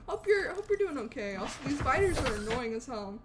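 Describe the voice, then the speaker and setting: A young woman streaming a game live, chatting with viewers in a bubbly, animated way and eagerly thanking them. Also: sits high, moderate pace, background noise. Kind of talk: live gameplay stream chat.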